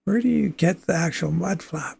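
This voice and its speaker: A man's voice: on the high side, moderate pace, creaky, darkish tone, a little hiss or hum. A man from Canada hosting a livestream, chatting casually and thinking aloud as he plays a trucking game, with easy chuckles. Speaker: livestream host.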